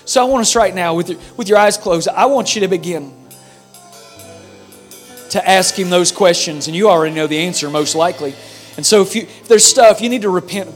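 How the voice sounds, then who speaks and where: A man preaching an altar call, speaking with impassioned repetition that swings from hushed prayer to loud pleading. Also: high voice, brisk, faint music behind. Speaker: pastor.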